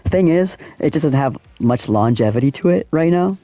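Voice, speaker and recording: A man's voice: fairly high pitch, expressive, moderate pace, warm tone, dry recording. A young man casually talking to his viewers in slangy speech while he plays a racing game. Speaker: gaming streamer. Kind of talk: casual live-stream commentary.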